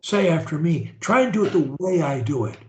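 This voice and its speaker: A man's voice: expressive, roomy sound. Emphatic man with a swooping voice. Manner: emphatic, slow modeling of phrases, swoops up and down in pitch. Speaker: speech therapist. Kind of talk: speech therapy session.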